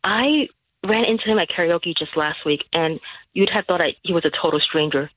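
A woman calling in to a radio show, talking in a hesitant, halting way with many restarts, heard over the phone. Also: on the low side, dry recording. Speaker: radio caller. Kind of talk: phone-in chat. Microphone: telephone. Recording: tinny phone line.

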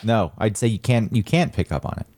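A man who is a regular on a radio talk show, speaking in a dry, deadpan way. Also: on the low side, brisk, a little hiss or hum. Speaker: radio show regular, tech news segment. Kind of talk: casual studio banter.

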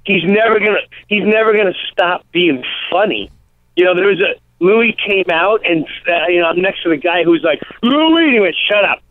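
A comedian in a casual radio interview, telling animated stories and acting out quotes. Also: male voice, high voice, fairly quick, no room sound. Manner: animated storytelling, acts out quotes. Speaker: comedian guest. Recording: tinny phone-line sound.

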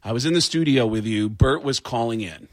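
A man's voice: medium pitch, a little fast, no room sound. A male comedian telling stories in casual radio chat, acting out other people's voices as he goes. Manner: animated storyteller, acts out voices. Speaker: comedian guest.

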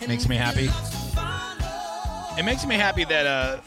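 A man's voice: a little high, big pitch swings, moderate pace, music in the background. Joking male radio host. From the American South. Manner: joking, loose, does silly voices. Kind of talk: casual radio talk.

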